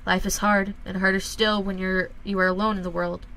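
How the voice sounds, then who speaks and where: A woman's voice: mid-range voice, flat delivery, fairly bright tone, natural voice, poor audio. Woman reading as a stern, grave father. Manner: grave, deliberate, lecturing. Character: stern, measured middle-aged father.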